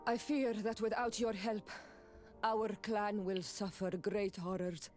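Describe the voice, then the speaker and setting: Grave tribal envoy, voiced by a woman, formal, rolled Rs, throaty delivery, mid pitch. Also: level tone, slow pace, darkish tone, soft background music, close to an everyday voice. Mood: earnest. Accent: affected, rolled Rs, throaty. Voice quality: guttural consonants. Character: young native clanswoman envoy, earnest. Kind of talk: video game dialogue.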